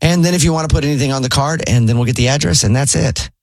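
A man hosting a radio show, running a prank call with a cheerful sales pitch. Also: very fast, dry recording. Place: radio studio.

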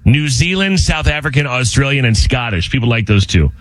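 A man hosting a morning radio show, chatting quickly and joking with co-hosts. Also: medium pitch, big pitch swings, no room sound. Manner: quick, rambling and joking with restarts. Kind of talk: casual on-air banter.

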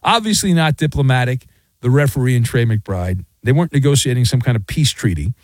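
A man's voice: mid-range voice, lively intonation, a little fast, no echo. A middle-aged man hosting a sports talk radio show, ranting in a sarcastic, mocking way. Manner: sarcastic, mocking, acts out quoted voices.

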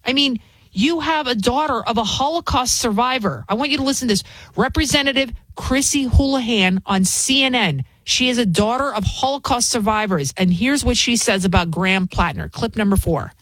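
A woman hosting a show, giving opinionated political commentary in an emphatic, indignant way with rapid rhetorical questions. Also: on the high side, a bit bright, dry recording. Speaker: fill-in host.

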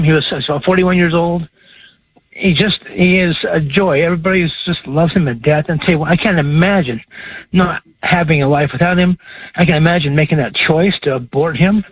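A man's voice: on the high side, fairly quick, husky, dry recording. Choked-up man on a tinny phone line. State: emotional, choked up. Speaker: caller. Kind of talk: call-in radio talk.

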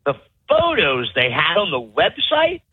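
Guy ranting mad about his resort, swearing, husky voice, lively pitch, tinny phone audio. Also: measured pace. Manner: heated, profane ranting. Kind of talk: angry ranting review. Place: resort room on vacation.

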